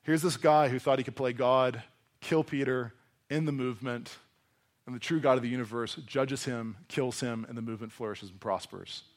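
A man preaching a sermon to a congregation in a conversational, animated way, often acting out voices as he reads and explains scripture. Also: mid-range voice, normal speed. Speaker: pastor. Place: church hall before a congregation.

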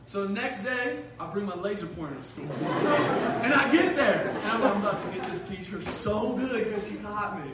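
A young man giving a sermon as a youth pastor, telling a funny school story in an animated way with lots of "like". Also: sits high, brisk, hardly any pauses, background noise. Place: large hall. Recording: echoey hall, mic at a distance.

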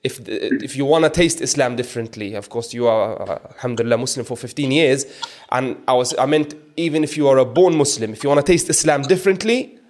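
Speaking fairly quickly with hardly any pauses, this man has a mid-range voice. He hosts a podcast interview with a caller, warmly repeating religious blessings and restarting his sentences hesitantly.

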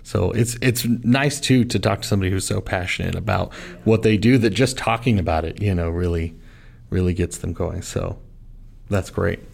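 Guy asking the questions, low gravelly voice, lots of up and down. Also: normal speed. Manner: laughing, warm. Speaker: podcast interviewer. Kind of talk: casual interview.

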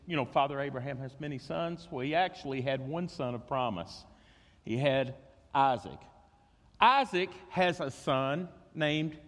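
A man preaching a sermon, acting out voices and repeating words as he goes. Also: medium pitch. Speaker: pastor. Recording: long reverb of a church hall.

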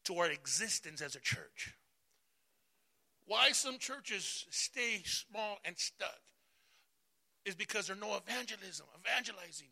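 A man pastor preaching a sermon, calling out to the congregation for responses and swinging between loud bursts and soft asides. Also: high-pitched, creaky. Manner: emphatic call-and-response preaching.

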